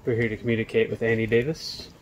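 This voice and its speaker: A man's voice: on the low side, flat delivery, quick pace, slight background noise. A man on a ghost hunt outdoors, calling out to spirits and puzzling over a device. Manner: calls out to spirits, puzzled musing. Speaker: paranormal investigator host. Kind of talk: casual ghost-hunting chat.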